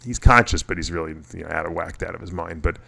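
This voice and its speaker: A middle-aged man with a low voice that still has a bright, forceful edge. He hosts a casual radio chat and tells long personal stories, stopping and restarting his sentences as he goes. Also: fast talker, creaky. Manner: rambling, personal storytelling with many restarts. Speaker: podcast host.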